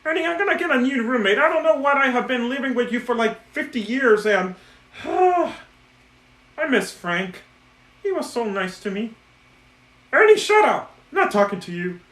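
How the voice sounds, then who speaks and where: A man's voice: very high voice, very animated, moderate pace, a bit bright, voice pushed up, heavily acted. A man voicing a fussy, grumpy male puppet roommate who complains in an exasperated, whiny way. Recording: echoey room.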